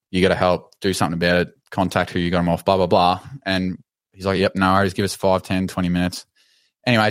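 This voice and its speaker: A man with an Australian accent telling a story on a podcast in a casual, animated way, swearing and laughing as he goes. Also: low voice, no echo. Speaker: podcast co-host.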